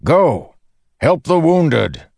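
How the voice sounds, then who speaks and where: A man voicing a furious, commanding male knight-warrior who shouts orders and scolds. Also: on the high side, wildly swooping pitch, drawn-out words, vocal fry, no echo, clean studio sound, pitched above the performer's own voice, full character voice. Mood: barking orders.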